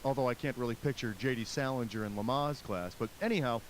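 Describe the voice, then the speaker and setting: A man's voice: medium pitch, fast talker, heavy background noise, lightly acted. An actor playing a wisecracking, sarcastic male game show host in a quiz video game. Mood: snarky. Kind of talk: scripted quiz game hosting. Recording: loud game music behind.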